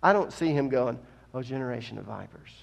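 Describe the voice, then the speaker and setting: A male preacher delivering a sermon. He goes from quiet teaching to loud, impassioned preaching and asks the congregation questions. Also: mid-range voice, lively intonation, brisk, gravelly, lo-fi sound.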